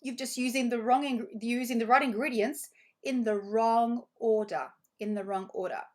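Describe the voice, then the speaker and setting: A woman's voice: a little high, steady tone, moderate pace, a little mellow. A woman coaching a live online group, reading out comments with bursts of praise and repeating phrases for emphasis. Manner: effusive, reads chat comments aloud with bursts of praise. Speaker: money coach.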